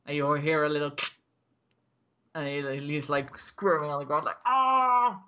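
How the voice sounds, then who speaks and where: Bright, rambling game master man. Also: a little high, level tone, normal speed, smooth. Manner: laughing, rambling with many "like"s. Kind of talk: narrating a tabletop game.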